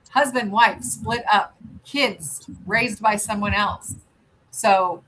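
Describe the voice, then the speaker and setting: American woman rambling on a chill livestream, bright voice, tons of ums, lil bit of background hiss. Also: medium pitch, low-quality recording. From United States. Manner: rambling and chatty, lots of ums and restarts. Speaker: livestream host. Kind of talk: casual chat while doing nail art.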